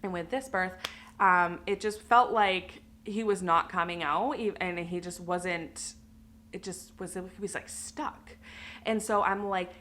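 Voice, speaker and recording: Woman vlogger, bright voice, emotional candid personal storytelling. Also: fairly low pitch, steady tone, unhurried. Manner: emotional, candid, with many fillers. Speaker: vlogger telling her birth story.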